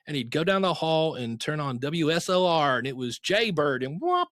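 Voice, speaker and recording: A man's voice: fairly high pitch, moderate pace, few pauses, no room sound. 50s guy spinning stories on a podcast, does the voices, dry close sound. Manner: animated storyteller acting out quoted voices. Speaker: podcast guest. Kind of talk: casual interview storytelling.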